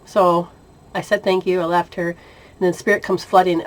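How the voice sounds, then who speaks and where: A woman casually telling a personal spiritual story, animated, often laughing and acting out the dialogue. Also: fairly low pitch, moderate pace. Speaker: spiritual intuitive sharing experiences.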